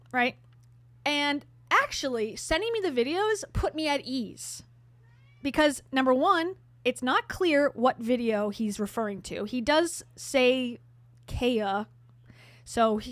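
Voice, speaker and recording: A woman talks straight to her viewers in a chatty, candid tone, slipping in sarcastic asides. Her voice sits a bit high and the sound is dry and close. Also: fairly bright tone, dry recording. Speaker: vlogger host. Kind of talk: casual storytelling to camera.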